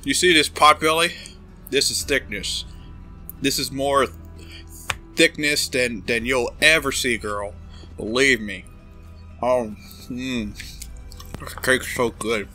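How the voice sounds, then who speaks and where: A man's voice: medium pitch, slow, long pauses, sharp tone, faint music behind. Man doing a crude gluttonous boss. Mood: boastful. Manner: crude, boastful, smacking over cake. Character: gluttonous arrogant male corporate boss. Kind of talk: comedic fan dub of a game.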